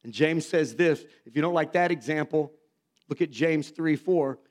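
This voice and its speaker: A man preaches a sermon, telling homespun stories and poking fun at himself. His voice sits high for a man. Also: normal speed, a little mellow. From Missouri. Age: 50s. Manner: folksy, self-mocking storytelling with acted quotes. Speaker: pastor.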